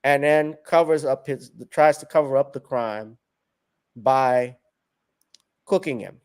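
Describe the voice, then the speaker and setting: A man's voice: mid-range voice, slow, darkish tone, clean tone. A man hosting an online commentary show, talking casually and addressing his viewers directly.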